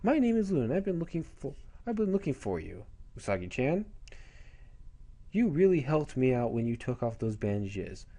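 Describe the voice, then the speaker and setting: An earnest female talking cat gives bossy instructions, voiced by a man retelling a comic. The tone is mellow, with a lively rise and fall. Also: medium pitch, normal speed.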